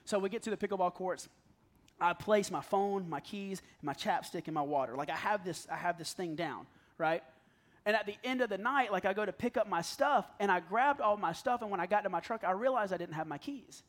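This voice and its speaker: This pastor in his thirties has a high voice and talks a little fast. His sermon is conversational and self-deprecating, full of stories and frequent laughter.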